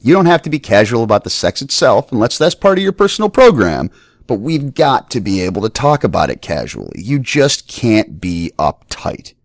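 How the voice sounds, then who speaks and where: A man's voice: mid-range voice, sing-song, moderate pace, dry recording, clean studio sound. A middle-aged man hosting a podcast, giving a blunt, profane and playful scripted monologue. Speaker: podcast host.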